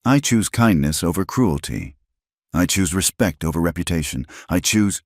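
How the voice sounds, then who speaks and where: A man's voice: low voice, animated, normal speed, no echo, clean studio sound. A man voicing a defiant young frontier woman. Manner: firm, calling out.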